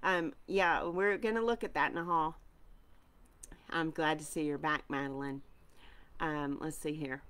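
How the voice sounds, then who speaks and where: Low-voiced woman reading tarot live. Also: fairly even intonation, a little slow, pauses often, a bit bright, clean tone. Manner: chatty, greets viewers by name, frequent ums. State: coughing, tickled throat. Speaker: tarot reader.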